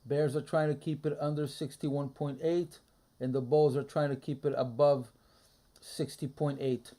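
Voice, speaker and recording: A man streaming a live trading session, muttering his thoughts aloud in a low-key, halting way. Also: steady tone, dark tone. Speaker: day trader streaming a live trading room. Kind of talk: casual live market commentary.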